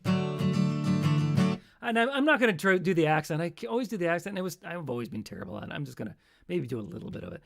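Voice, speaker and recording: A man hosting a live stream as a musician, chatting casually in a rambling, self-deprecating way with quick asides. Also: fairly high pitch, lively intonation, creaky, loud music behind the voice.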